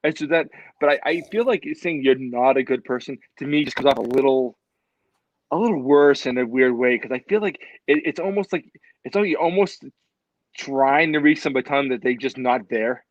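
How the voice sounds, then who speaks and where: A man co-hosting a podcast in casual chat, rambling and halting, swearing casually. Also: mid-range voice, no echo, lo-fi sound. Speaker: podcast co-host.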